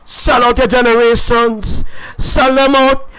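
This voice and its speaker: High-voiced man preaching fiercely. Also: level tone, takes it slowly, clean tone, rough recording. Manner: repetitive, rising to shouts. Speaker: self-styled prophet preacher. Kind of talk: fiery livestream preaching.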